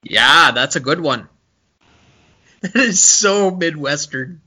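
A man's voice: a little high, lively intonation, slow pace, bright, forceful tone, breathy edge. A man co-hosting a casual film podcast, talking in an analytical way with many hesitations and fillers. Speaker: podcast co-host.

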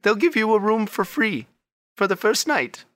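A game master voicing a chirpy, eager shopkeeper lady with a high, sing-song voice. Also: big pitch swings, normal speed, fairly bright tone.

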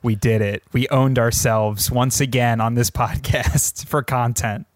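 A man's voice: mid-range voice, steady tone, unhurried, no room sound. A young man co-hosting a podcast, chatting casually and telling jokey stories. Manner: joking storyteller, acts out quotes. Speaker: podcast co-host. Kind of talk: casual chat.

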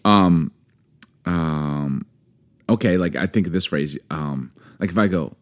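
A man with a fairly low voice that swings widely in pitch, chatting casually with his wife as co-host. He acts out little phrases in put-on voices and laughs a lot as he talks. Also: animated, unhurried, darkish tone. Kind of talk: casual couple chat.

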